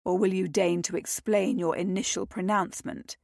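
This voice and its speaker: A woman's voice: on the low side, steady tone, normal speed, creaky, darkish tone, no room sound, studio quality. A woman voicing a brooding young viscount who answers grimly and curtly, in a read romance novel. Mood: irritated. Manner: grim, curt.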